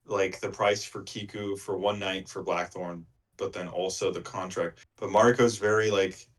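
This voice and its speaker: Deep-voiced man retelling a book casually. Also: steady tone, normal speed. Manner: rambling retelling with filler words. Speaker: podcast co-host. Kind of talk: casual book club chat.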